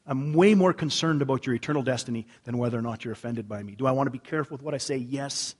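Talking fast, this man preaches as a pastor, his husky voice climbing to loud emphasis and then falling to low, hushed passages.

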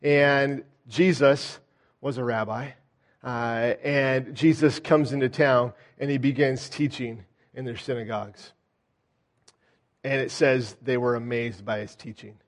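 A man preaching a sermon, telling the story in a lively way, often pausing on "uh" and restarting his words. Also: medium pitch. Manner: animated, acts out the townspeople's doubts; frequent "uh" fillers and restarts. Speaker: pastor.

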